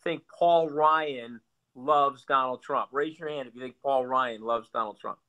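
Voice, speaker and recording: A man's voice: medium pitch, a little slow, pushed and bright, lo-fi sound. A male guest talking politics bluntly and sarcastically, often repeating words as he builds a point. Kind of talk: animated political talk.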